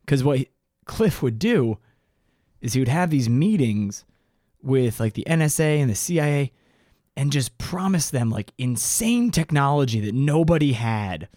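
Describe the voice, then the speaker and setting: A man's voice: mid-range voice, very animated, a little slow, dark tone, no room sound, studio quality. A man co-hosting a casual podcast, joking and telling the story in a laid-back way. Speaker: podcast co-host. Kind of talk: casual chat.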